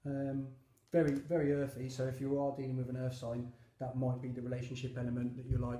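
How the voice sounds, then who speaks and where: A man's voice: medium pitch, completely flat delivery, a little fast, mellow, reverberant. A man giving a chatty, enthusiastic tarot reading, with many fillers and asides. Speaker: tarot reader.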